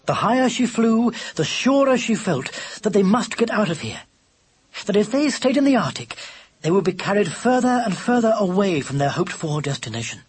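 A narrator reading a children's novel aloud in an expressive, animated storytelling manner. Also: mid-range voice, normal speed, breathy edge. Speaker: audiobook narrator.

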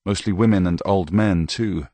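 A man reading a novel aloud with measured, even storytelling, close to the mic. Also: low voice, dry recording. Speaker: audiobook narrator. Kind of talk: scripted narration.

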